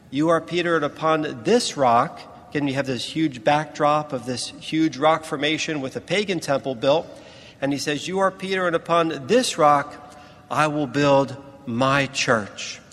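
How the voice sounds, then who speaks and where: A man with a slightly raised voice preaches a sermon, slow and deliberate, leaning on pauses to stress his points. His voice carries a long reverb, as if filling a large church. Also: a little high, fairly bright tone. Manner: slow, deliberate teaching delivery with emphatic pauses.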